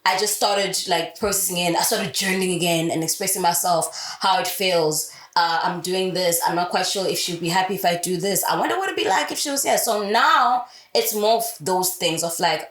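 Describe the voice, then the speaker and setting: A woman's voice: lowish voice, fairly quick, hardly any pauses, fairly bright tone. A young woman speaking candidly in a casual interview, swearing freely and telling her story with animation. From South Africa. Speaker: radio host guest. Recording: roomy echo.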